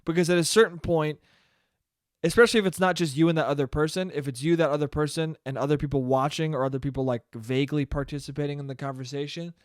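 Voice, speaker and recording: A man's voice: fairly high pitch, fast, no echo. Ranting young man in a dry booth. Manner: ranting, animated, profane, acts out quoted dialogue. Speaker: podcast host. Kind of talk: solo comedic podcast monologue.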